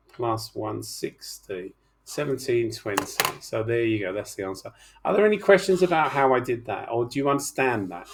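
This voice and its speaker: Gravelly chatty male chemistry teacher. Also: mid-range voice. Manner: chatty, teasing, coaxing students. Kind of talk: online class walkthrough.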